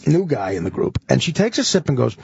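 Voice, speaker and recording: A male comedian on a radio talk show, telling crude stories in an animated, laughing way. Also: mid-range voice, quick pace, creaky, breathy edge, dry recording, highs cut off. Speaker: comedian guest.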